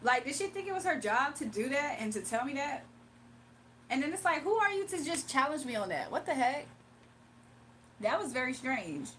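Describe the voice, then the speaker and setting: Livestream tarot host, woman, bright high pitch, animated and laughing, light background hum. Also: normal speed. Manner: animated, laughs often, talks back to chat. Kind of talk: casual livestream chat.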